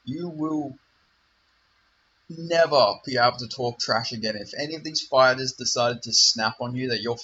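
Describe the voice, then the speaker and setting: A man's voice: medium pitch, normal speed, bright, forceful tone, slight background noise. A man hosting his own channel, ranting with heavy swearing and rambling asides. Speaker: channel host. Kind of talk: profane rant to camera. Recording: dull lo-fi recording.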